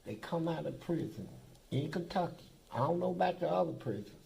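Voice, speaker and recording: A man's voice: fairly high pitch, lively intonation, brisk, vocal fry, warm tone, poor audio. An older man, a former prisoner, telling blunt, profane stories in a documentary interview. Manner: blunt, profane, boastful storytelling.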